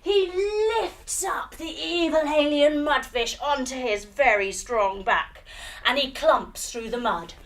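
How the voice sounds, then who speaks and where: A woman teacher telling a children's story while leading a yoga lesson, animated and using sound effects. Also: high-pitched, slow.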